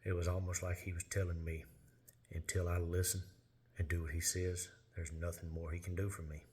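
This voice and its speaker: A man telling a personal testimony in an earnest, plain-spoken way with halting pauses. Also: low voice, little pitch movement, a little mellow, husky. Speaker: lay minister sharing testimony.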